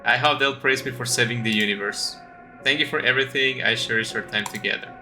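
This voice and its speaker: A man voicing a brooding man leaving for a world of dreams, reading game lines slowly in a lowered voice. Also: over music, natural voice. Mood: solemn. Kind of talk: reading game dialogue aloud.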